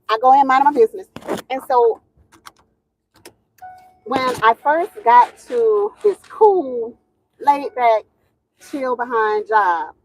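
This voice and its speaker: A woman hosting a casual livestream, chatty and laughing often as she greets viewers and tells a story. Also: fairly high pitch. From Southern United States. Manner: chatty, laughs often, drawling Southern phrasing. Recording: dull lo-fi sound, dry room.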